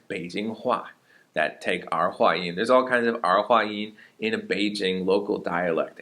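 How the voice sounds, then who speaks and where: Lower-voiced man teaching Mandarin words. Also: sharp tone. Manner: explains steadily, models Mandarin words with slow repeated examples. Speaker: Chinese teacher. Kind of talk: casual video lesson.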